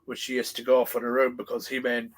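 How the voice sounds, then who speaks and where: A man's voice: medium pitch, completely flat delivery, fast. A man guest artist chatting on a livestream, hesitant with many "uh"s and polite, formal phrasing. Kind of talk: casual chat on a livestream.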